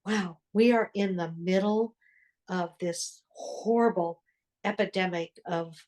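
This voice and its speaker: An older woman with a fairly low voice speaks with earnest conviction and lingers in reflective pauses. She is a religious sister telling her story to an interviewer. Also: a little mellow. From United States.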